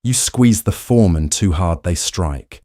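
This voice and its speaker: Grizzled Brooklyn mobster, read by a man, low and grumbling, patronizing. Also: expressive, measured pace, dark tone, dry recording, clean studio sound. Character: grizzled thick-necked gangster man, patronizing.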